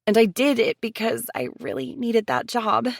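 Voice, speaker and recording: A jittery young female assistant, pleading and apologetic, with a lifted, higher voice, as a woman narrator puts her on. The audiobook reading is dry and close. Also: big pitch swings, normal speed, vocal fry, no echo, exaggerated voice. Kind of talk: audiobook character voice.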